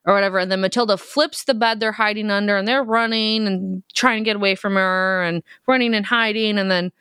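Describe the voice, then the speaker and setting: A woman's voice: mid-range voice, a little fast, smooth, no room sound, clean studio sound. A woman co-hosting a podcast, recapping a movie in casual chat and acting out the characters' lines. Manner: animated retelling, acts out characters' lines, swears freely. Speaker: podcast co-host.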